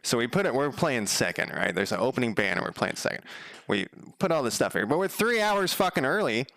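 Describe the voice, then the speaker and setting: A man with a mid-range voice talks loosely over his coding stream, full of fillers and casual profanity. His voice rises and gets louder whenever he acts out what other people said. The sound is dry and close, with no room around it. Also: sing-song, a little fast, creaky, dry recording. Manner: gets louder and higher when quoting others. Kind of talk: casual rambling livestream chat.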